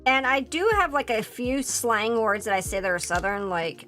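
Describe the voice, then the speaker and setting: A woman's voice: fairly high pitch, animated, normal speed, hardly any pauses, fairly bright tone, faint music behind. A woman with a Philadelphia accent chatting casually on a live stream, rambling and laughing often. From Pennsylvania, US.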